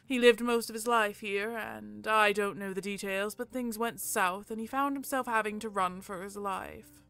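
A woman voicing a proud, scheming male peacock who tells a story in a haughty, slightly raised and louder voice. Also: mid-range voice, steady tone, moderate pace, gravelly, clean tone, no room sound. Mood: storytelling.

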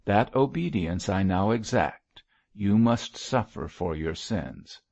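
A man's voice: lowish voice, expressive, slow pace, a little mellow, dry recording, exaggerated voice. A man reading the part of an elderly bishop who reproaches his curate in a solemn, sorrowful tone. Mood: stern. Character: elderly male bishop, mild but stern. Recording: dull lo-fi dry recording.

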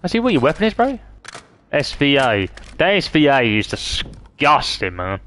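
Male streamer, mid-pitched, swears constantly while trash-talking. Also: huge pitch swings, normal speed, a bit bright, a little hiss or hum. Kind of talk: live gaming commentary.

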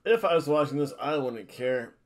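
A man talking straight to camera in a loose, rambling vlog. He hypes himself up playfully and drifts into jokey asides before getting back on track. His voice sits at an ordinary middle pitch. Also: lively intonation, normal speed. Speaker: wrestling vlogger. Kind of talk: casual rambling predictions vlog.

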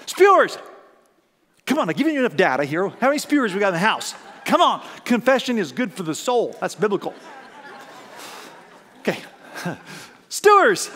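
A male pastor giving a sermon, lively storytelling with questions to the congregation. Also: high-pitched, big-room sound. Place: church auditorium.

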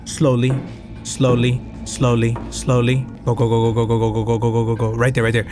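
A man giving excitable, profane let's-play commentary on a game, slipping into Spanish slang now and then. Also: mid-range voice, a little fast. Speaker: gaming YouTuber. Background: game music.

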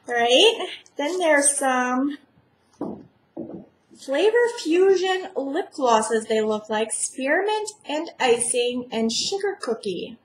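Gushing woman vlogger, high unhurried voice. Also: animated, roomy sound, slight background noise, poor audio. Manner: chatty, gushing, rambling. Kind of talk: casual unboxing chat.

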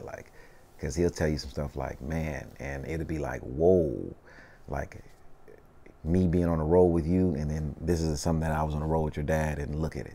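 A Southern Californian-accented rapper in his thirties, with a bass voice, guests on a casual interview. His storytelling is easygoing and slangy, and "you know what I mean" comes up constantly.

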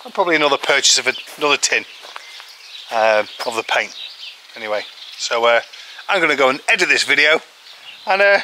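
A man's voice: mid-range voice, lively intonation, brisk, pauses often, pushed and bright. A man chatting casually to camera as a vlogger, rambling and poking fun at himself. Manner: chatty, rambling, self-deprecating humor. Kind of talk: casual vlog chat. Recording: rural outdoor noise with birds.

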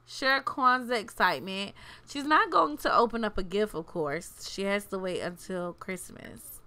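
A woman's voice: mid-range voice, lively intonation, unhurried, bright, forceful tone. A woman chatting playfully through a life-sim game, talking to her characters as she plays. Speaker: gaming channel host. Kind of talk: casual gameplay commentary.

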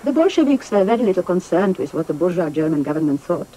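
A wistful exiled revolutionary wife. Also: female voice, on the low side, very animated, fast talker, very noisy. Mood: recollecting. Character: middle-aged woman revolutionary recalling exile. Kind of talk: documentary reading of a memoir.

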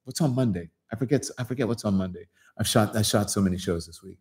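A man's voice: lowish voice, fast. Chatty male livestream host. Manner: rambling, chatty, answers viewer chat. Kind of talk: casual livestream chat.

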